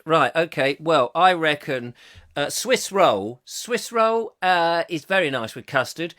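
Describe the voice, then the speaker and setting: A man's voice: on the high side, big pitch swings, measured pace, sharp tone. A middle-aged man hosting a comic live chat show, reading viewer comments aloud and rambling jokily between them. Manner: jokey and rambling, puts on silly voices.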